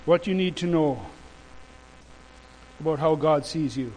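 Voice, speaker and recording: A male preacher delivering a sermon and telling a story in an animated, emphatic way. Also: fairly high pitch, unhurried, a little hiss or hum, poor audio.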